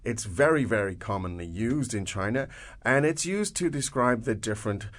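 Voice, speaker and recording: A man hosting a podcast language lesson, explaining phrases in English with halting restarts. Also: medium pitch, lively intonation. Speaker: language teacher, host.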